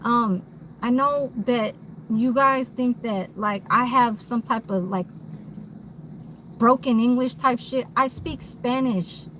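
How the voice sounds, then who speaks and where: A woman's voice: on the high side, slow, fairly bright tone, a little hiss or hum, low-quality recording. A woman vlogging in a candid, rambling monologue, blunt and swearing freely, recorded inside a vehicle.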